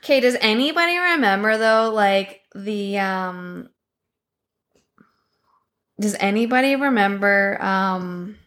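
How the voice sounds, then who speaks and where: Young Canadian woman co-host, bright, sharp voice, animated and laughing. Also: mid-range voice, slow pace, long pauses. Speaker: podcast co-host. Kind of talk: casual chat.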